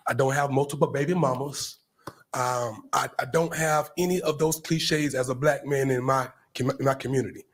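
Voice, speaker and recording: A man's voice: medium pitch, fairly even intonation, moderate pace. A man from Florida speaking at a county commission meeting podium in an emphatic public comment, repeating himself and addressing people directly. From Brevard County, Florida.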